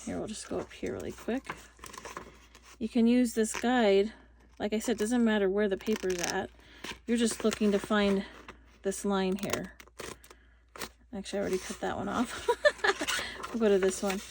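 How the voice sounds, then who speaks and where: Chatty woman hosting a craft how-to; rambling delivery, mid-pitched voice, faint background hiss. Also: fairly even intonation, moderate pace, vocal fry, pauses often, a little mellow. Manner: chatty, rambling, lots of fillers and restarts. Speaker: craft tutorial host. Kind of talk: casual craft tutorial. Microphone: phone.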